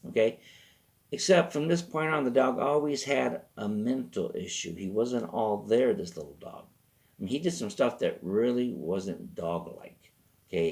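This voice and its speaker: Low gravelly guy, rambly comic storyteller, keeps going off track. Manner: rambling, self-interrupting. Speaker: host. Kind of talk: comedic storytelling.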